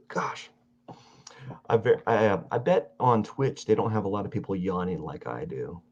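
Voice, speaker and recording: A tired, yawning man chatting casually while he draws on a live stream, rambling and halting with many fillers. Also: low-pitched, expressive, darkish tone, slightly rough, muffled recording. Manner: meandering, halting, self-talk with fillers. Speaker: artist streaming his drawing.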